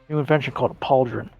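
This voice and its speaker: A man's voice: mid-range voice, vocal fry, husky, no room sound, lo-fi sound. A man playing a tabletop game and cracking wry jokes to the group. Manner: wry, joking. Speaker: player. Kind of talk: joking casual chat.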